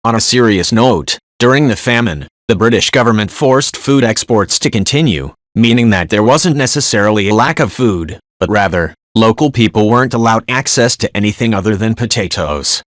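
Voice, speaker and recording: Man, low voice, dry close sound, brisk matter-of-fact reading of forum posts. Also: lively intonation, no room sound. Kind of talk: scripted reading of online posts.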